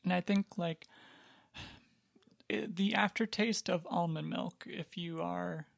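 A podcast co-host chats along in a loose, rambling way, full of hedges and little asides, with a deadpan streak. The voice has a gravelly fry to it. The sound is dry and close, with no room around it. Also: medium pitch, slow, no room sound. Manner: rambling, hedging, filler-heavy. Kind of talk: casual chat.

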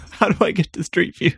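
A man co-hosting a casual chat, joking and sarcastic with quick quips. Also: fairly bright tone, no echo, studio quality. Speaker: podcast co-host.

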